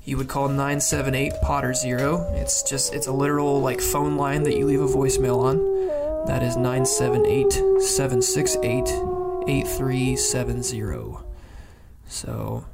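A man's voice: mid-range voice, big pitch swings, measured pace, vocal fry, heavy background noise. A man co-hosting a casual podcast, loose and joking, inviting listeners to call in. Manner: loose and joking, with many fillers. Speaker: podcast co-host.

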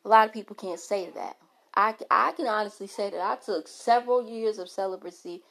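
Her voice is mid-range, gravelly and fairly bright, and she talks briskly. Speaking straight to camera, this middle-aged vlogger is blunt and emphatic with her followers, frequently starting sentences over.

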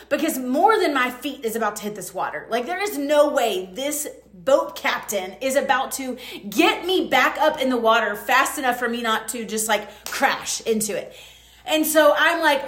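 Woman podcast host, high-pitched, chatty storyteller, roomy echo. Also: normal speed. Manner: chatty, animated, full of fillers and quoted asides. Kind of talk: casual storytelling monologue.

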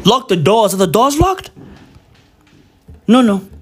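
A man's voice: high-pitched, big pitch swings, takes it slowly, slightly rough. A young man vlogging a profane, rambling, mock-serious rant at home, peppering it with slang. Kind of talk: casual rant to camera. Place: indoors at home at New Year.

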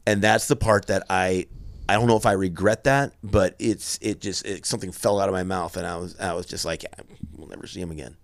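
Deep gravelly man telling a story haltingly. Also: steady tone, dry recording. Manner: halting and earnest, many restarts. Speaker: guest telling a personal story. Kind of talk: candid conversational storytelling.

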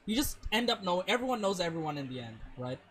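A young man in casual chat, telling an animated story full of swearing. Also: high voice, fast, slight background noise, poor audio.

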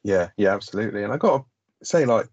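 A man's voice: on the low side, lively intonation, fast, darkish tone, dry recording, muffled recording. A man co-hosting a film podcast, chatting casually, rambling and sweary with lots of "like". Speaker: podcast co-host. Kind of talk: casual film review chat.

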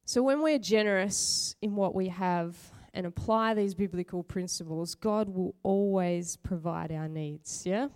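A middle-aged woman preacher talks her way through a sermon like a friendly chat. She laughs easily and pokes fun at herself. Her voice is smooth and clear. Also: fairly low pitch, unhurried, hardly any pauses, a little mellow. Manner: chatty, laughs often, self-mocking. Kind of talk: conversational sermon with personal stories.

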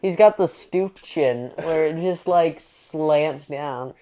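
A man's voice: a little high, slow pace, a crowd in the background. Young man, slight southern twang, laid-back, joking, crude, casual chat. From United States.

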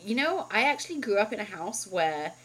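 A woman in her thirties co-hosting a podcast, telling a story in a casual, animated way, full of "like" and the odd swear. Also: mid-range voice, brisk, breathy edge, rough recording. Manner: animated storytelling, heavy use of "like", swears freely. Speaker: podcast co-host.

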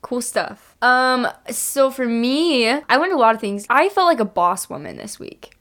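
A woman's voice: a little high, expressive, a little slow, a bit bright. A young woman co-hosting a casual podcast, chatty and bubbly, laughing often. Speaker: podcast co-host.

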